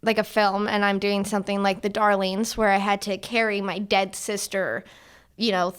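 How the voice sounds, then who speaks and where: A woman in her twenties, an actor talking casually as a podcast guest, animated and full of fillers. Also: medium pitch, clear, resonant tone. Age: 20s. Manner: animated, quick bursts, many fillers. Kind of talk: casual chat.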